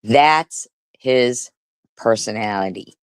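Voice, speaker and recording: A woman live streamer rants at her critics, angry, profane and repetitive. She speaks slowly and expressively in an extremely low voice with a clear, resonant tone, and there's no echo.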